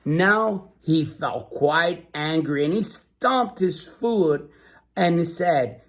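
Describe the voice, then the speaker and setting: A man's voice: sits high, animated, takes it slowly, gravelly. Man reading a storybook aloud. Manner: asks listeners questions, patient and teacherly. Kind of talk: bilingual storybook read-aloud.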